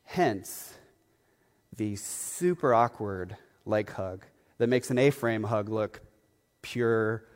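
A man, a pastor, telling a story in a sermon, chatty and animated, with lots of fillers and asides. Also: on the low side, slow pace, big-room sound. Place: church sanctuary.

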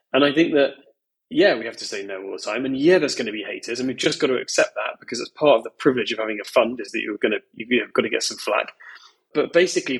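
Brief: male investor guest, frank and emphatic, a little husky, loose filler-heavy talk. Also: medium pitch, fairly bright tone, rough recording. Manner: candid, emphatic, peppered with "you know" and "like". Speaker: venture capital investor, guest. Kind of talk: podcast conversation.

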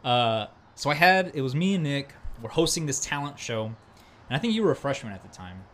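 Young guy hosting a chill chat, hyped up, says bro a lot, normal pitch. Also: sing-song, fairly quick, fairly bright tone, slight background noise. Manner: enthusiastic, slangy, full of "bro" and "dude". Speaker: host. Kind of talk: casual chat.

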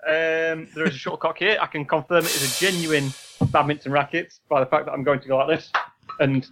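A young man co-hosting a casual podcast, wry and deadpan, rambling through stories. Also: fairly high pitch, brisk, soft background music. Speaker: podcast co-host. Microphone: home mic with pop filter on a video call.

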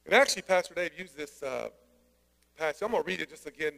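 A man preaching a sermon, energetic and conversational, with joking asides. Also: a little high, fast talker, vocal fry. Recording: long hall reverb.

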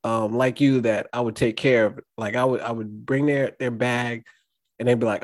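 A man hosting a podcast interview, relaxed and casual, chiming in with short replies. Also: medium pitch, moderate pace, dry recording. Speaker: podcast host.

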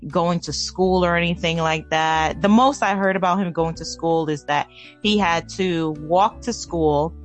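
A woman's voice: fairly low pitch, measured pace, soft background music. A woman podcast co-host speaking candidly and thoughtfully, sometimes hesitating and restarting as she reflects. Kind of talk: candid personal conversation.

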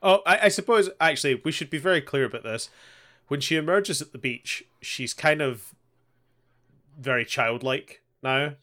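Podcast guy, bright punchy voice, rambly and sweary, chatting thru an anime recap. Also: fairly high pitch, expressive. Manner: rambling, sweary, quick retelling with quoted lines. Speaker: podcast co-host. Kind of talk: casual chat recapping an anime.

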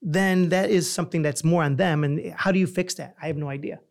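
A man's voice: a little high, fairly even intonation, fairly quick, creaky, a little mellow. A man hosting a podcast, chatting casually, asking questions and rambling with lots of fillers and restarts. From Italian heritage. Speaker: podcast host. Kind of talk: casual chat.

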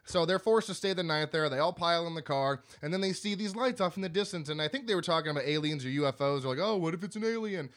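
A man with a slightly high voice talks through a movie plot in relaxed, swear-heavy podcast chat. He slips into quick impressions of the characters as he recaps, then carries straight on. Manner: loose and profane, acts out movie scenes. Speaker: podcast co-host. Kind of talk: casual movie review chat.

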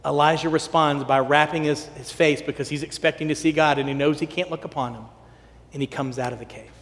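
A man preaches with a high, lively voice, acting out quoted lines and dropping to a hush to stress a point. His voice rings through a long hall reverb, as in a church sanctuary. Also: fairly quick. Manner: animated, acts out quotes, drops to soft hush for emphasis. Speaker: pastor. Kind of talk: sermon.

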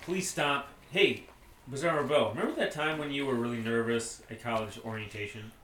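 A man performing his part in a comedy script reading with a playful, jokey, excitable manner. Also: mid-range voice, a little fast. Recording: echoey room, faint noise.

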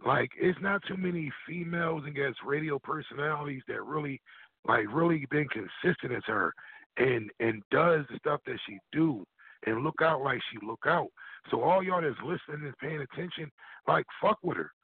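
A man's voice: fairly high pitch, lively intonation, moderate pace, gravelly, breathy edge, no room sound. A man guest on a radio show, talking bluntly and profanely in casual chat, acting out quotes. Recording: dry tinny phone line.

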